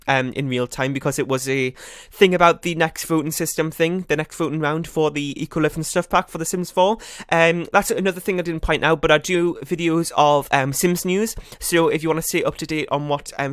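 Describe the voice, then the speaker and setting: Fast-talking young man narrating gameplay. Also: fairly high pitch, a bit bright, clean tone, dry recording, studio quality. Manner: rambling, self-correcting, laughs at own slips. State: a bit out of breath. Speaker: gaming channel host. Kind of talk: casual gameplay commentary.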